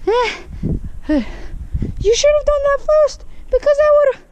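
A woman mimicking a shrill know-it-all viewer. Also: lively intonation, a little slow, mellow, slight background noise. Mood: mocking. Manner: shrill, sing-song mocking.

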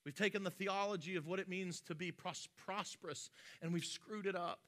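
A man's voice: high voice, fairly even intonation, a little fast, fairly bright tone. A male pastor preaching a sermon in a conversational way, with joking asides and frequent restarts.

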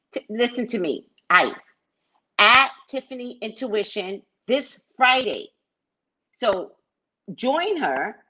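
Husky, animated middle-aged woman chatting. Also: on the high side. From California. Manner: animated, chatty, tells stories with asides. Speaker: live-stream host. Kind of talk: casual storytelling chat. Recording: dull lo-fi recording.

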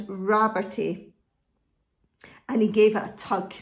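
Animated woman reading a picture book. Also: a little high, takes it slowly, reverberant. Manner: animated, asks listeners questions. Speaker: storybook reader.

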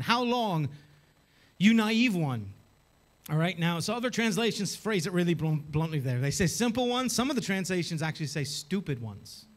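Guy with a pretty high voice giving a punchy sermon, keeps throwing questions at the crowd. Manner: emphatic preaching with rhetorical questions. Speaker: pastor. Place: church.

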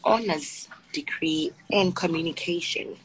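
Speaking in a low, unhurried voice, a young South African woman with a matching accent runs a relaxed Instagram live from her phone. She's sassy and blunt, repeatedly addressing viewers as "honey," and the poor audio carries a faint hiss or hum.

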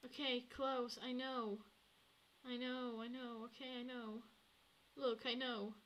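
A woman streaming a game, chatting to herself and swinging between hushed murmurs and excited outbursts. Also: a little high, slow pace. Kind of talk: casual gameplay commentary.

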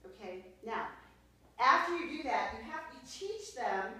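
A woman's voice: on the high side, animated, unhurried, pushed and bright. A woman training a sales team in front of a group, upbeat and coaching, checking in with "okay?" as she goes. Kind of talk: sales training talk with role-play. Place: meeting room with an audience. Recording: echoey room, mic far off.

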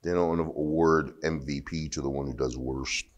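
A man's voice: rumbling low, steady tone, normal speed, dull audio. A man preaching a sermon as pastor, talking conversationally with asides and rising to emphatic bursts.

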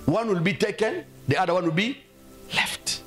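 A man's voice: sits high, lively intonation, moderate pace, a bit bright, faint music behind. A man preaching a sermon as pastor, emphatic and exhorting, often calling out hallelujah. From South Africa.

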